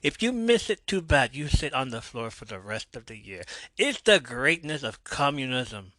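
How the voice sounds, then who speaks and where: A man voicing a brash woman wrestler who puts on an exaggerated fake Russian accent and shouts her lines. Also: medium pitch, big pitch swings, moderate pace, no echo. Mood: bombastic. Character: brash woman wrestler faking a Soviet persona.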